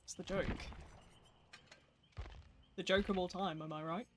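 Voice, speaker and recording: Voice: medium pitch, steady tone, a little slow, noisy background. Chatty game streamer. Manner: chatty, rambling, self-deprecating, talking to chat. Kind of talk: casual live gameplay commentary.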